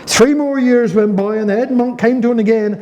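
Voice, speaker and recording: Brief: Cornish storyteller, man, fairly high voice, playful and chatty. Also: fairly quick, mellow, dull audio. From Cornwall. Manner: chatty, humorous rhyming recitation. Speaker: dialect storyteller. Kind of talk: reading dialect stories to a live audience. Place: heritage venue talk.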